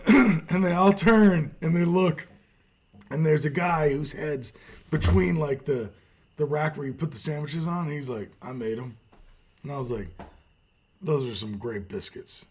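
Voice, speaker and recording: A man's voice: a little high, measured pace, long pauses. A man co-hosting a casual sports talk show, telling a laid-back story and swearing casually. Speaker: co-host.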